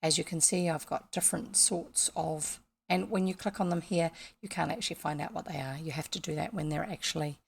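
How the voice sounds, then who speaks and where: A woman's voice: deep voice, fairly quick, vocal fry, few pauses, slightly rough. A woman with a New Zealand accent, chatting casually as she plays a video game and explains each step to her viewers. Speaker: gaming vlogger.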